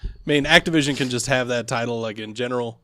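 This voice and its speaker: A man's voice: medium pitch, fast talker, sharp tone, dry recording, clean studio sound. Rambling, laughing male podcast co-host. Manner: rambling, laughing, filler-heavy. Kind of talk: casual chat.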